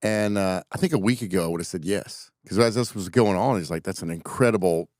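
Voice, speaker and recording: A man's voice: low-pitched, brisk, darkish tone, no echo, studio quality. A man co-hosting a podcast who talks earnestly and reflectively about his faith in a casual chat. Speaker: podcast co-host.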